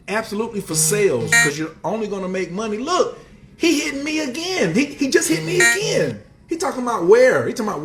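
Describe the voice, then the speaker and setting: A man hosting a casual motivational livestream, talking in streetwise slang and greeting viewers in the chat. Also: a little hiss or hum. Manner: animated, swings up and down in pitch. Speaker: livestream host and motivational speaker.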